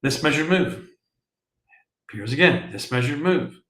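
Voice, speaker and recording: A man hosting a market show, talking through charts in a casual, animated way and calling his viewers folks. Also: a little high, measured pace, reverberant, low-quality recording. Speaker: market analyst host.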